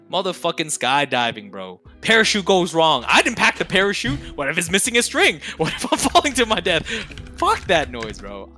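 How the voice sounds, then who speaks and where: A man's voice: on the high side, sharp tone. A young man, a streamer guest on a podcast, talking casually with heavy profanity and slang, laughing often.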